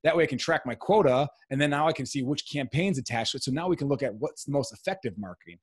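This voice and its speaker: Male podcast guest, salesperson type, businesslike and explanatory, mid pitch, dry close recording. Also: slightly rough, no room sound. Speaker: podcast guest, real estate investor. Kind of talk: casual interview talk.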